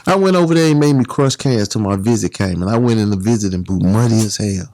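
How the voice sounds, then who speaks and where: A man, a guest, telling stories in a casual, animated way and acting out the other people's voices. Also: on the low side, quick pace. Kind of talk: casual storytelling.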